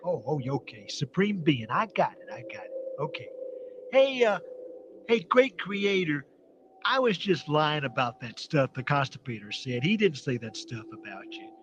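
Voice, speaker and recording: A man's voice: fairly high pitch, sing-song. A man playing a captured human space traveler who mocks his captors with cheeky wisecracks in a vintage radio comedy. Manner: cheeky, mocking, fast-talking wisecracks. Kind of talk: 1940s radio acting. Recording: dull old radio recording with faint hiss.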